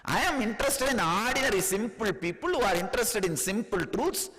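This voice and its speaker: A man from India with an Indian accent giving a spiritual discourse, chuckling often and speaking in an animated, teasing way. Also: sits high, fairly quick, in a large hall, low-quality recording. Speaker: spiritual teacher.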